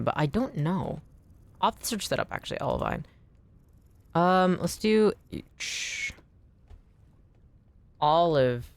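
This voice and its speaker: Chatty low-voiced woman streaming a game. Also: gravelly, a little mellow, no echo. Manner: chatty, rambling, swears casually. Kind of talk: casual gaming stream chat. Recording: faint background music.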